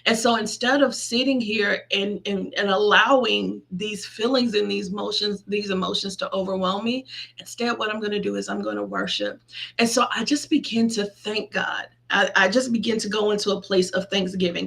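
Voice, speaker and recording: A woman's voice: mid-range voice, brisk, gravelly, a bit bright. A middle-aged woman pastor with a Midwestern American accent, giving an intimate sermon from her desk and praying aloud in a personal testimony style. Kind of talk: online sermon, girl talk.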